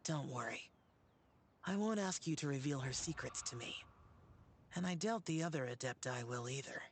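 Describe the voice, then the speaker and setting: A man voicing an earnest young male companion for a game, gentle and reassuring. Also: medium pitch, animated, moderate pace, slight background noise, close to an everyday voice.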